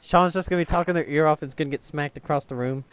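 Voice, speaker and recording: A man's voice: on the high side, very fast, a little hiss or hum. A man playing a tabletop game, full of jokes and teasing banter. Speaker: player. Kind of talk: casual tabletop game chat.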